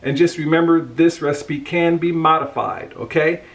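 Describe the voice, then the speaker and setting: A man's voice: on the high side, moderate pace, fairly bright tone. A man from the United States hosting his cooking channel, talking casually and upbeat to his viewers. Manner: chatty, upbeat, jokes about pronunciation. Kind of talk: casual cooking talk to camera.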